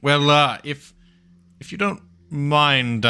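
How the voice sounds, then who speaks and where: A man speaking as a player in a tabletop game, slow to commit and full of ums. His voice is bright and lively in pitch, with faint music in the background. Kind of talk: casual tabletop game chat.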